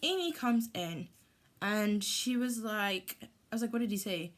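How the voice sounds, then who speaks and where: A woman's voice: medium pitch, a little slow. Heated woman telling a story. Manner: animated, heated retelling with lots of "like". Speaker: vlogger. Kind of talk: storytime vlog.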